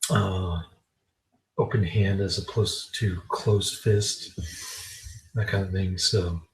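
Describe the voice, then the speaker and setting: A man giving a casual spoken film review in a halting, meandering way. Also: deep voice, steady tone, poor audio.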